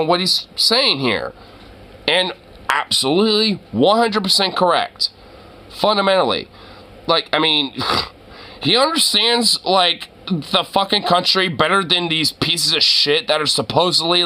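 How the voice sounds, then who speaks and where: Bright rambling profane male commentator. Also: a little high. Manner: rambling, heavy swearing and filler words. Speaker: reaction video host.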